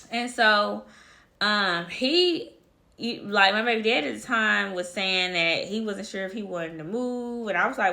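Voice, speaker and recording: A woman's voice: medium pitch, animated, moderate pace, vocal fry, pushed and bright. A woman casually telling a personal story to her viewers, chatty and talking to them directly as y'all. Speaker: vlogger.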